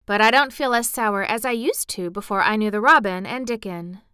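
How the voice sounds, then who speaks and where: A woman's voice: mid-range voice, normal speed, pushed and bright, clear, resonant tone, no echo, studio quality, close to an everyday voice. A woman reading a storybook aloud, voicing a blunt, earnest young girl with a sour temper who speaks frankly and insistently.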